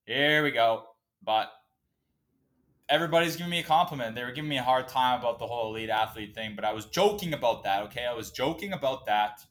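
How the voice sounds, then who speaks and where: A man's voice: medium pitch, expressive, quick pace. A man hosting a casual solo podcast, ranting in a profane, emotional, fired-up way. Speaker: podcast host.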